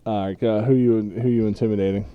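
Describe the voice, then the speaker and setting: A man narrating as game master of a tabletop game, loose and halting, with frequent laughs. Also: on the low side, fairly even intonation, clear, resonant tone, muffled recording.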